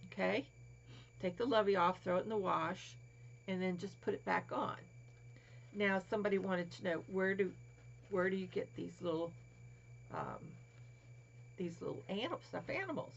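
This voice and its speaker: A woman's voice: medium pitch, normal speed, creaky, long pauses. A woman showing crafts in a casual vlog, cooing over little toys and often dropping to a whisper. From Florida. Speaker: crafting vlogger. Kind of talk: casual show-and-tell vlog. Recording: dull lo-fi home recording, faint hiss.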